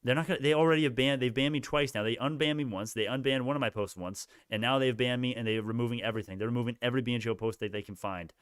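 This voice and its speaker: A man's voice: mid-range voice, steady tone, racing, few pauses, clean tone, no room sound, clean studio sound. A young man hosting a casual stock livestream, ranting heatedly at his chat with many restarts.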